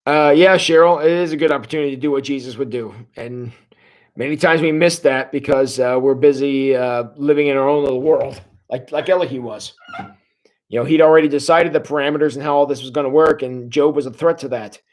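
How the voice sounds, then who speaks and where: A man's voice: medium pitch, a little fast. A man in his forties leading a casual livestream Bible study, talking in a folksy, conversational way with plenty of filler sounds. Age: 40s. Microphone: livestream setup.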